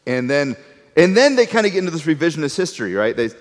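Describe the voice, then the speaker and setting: A middle-aged man preaching in a relaxed, conversational way, stumbling over and repeating words as he tells the story. His voice sits at an ordinary pitch. The long echo of a large hall follows every phrase. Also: quick pace. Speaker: Bible teacher. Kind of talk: conversational sermon with a map.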